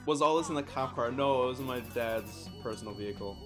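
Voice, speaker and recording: A man's voice: mid-range voice, fast talker, music in the background. A young man from the United States telling a rambling, laughing story on a live stream, swearing often.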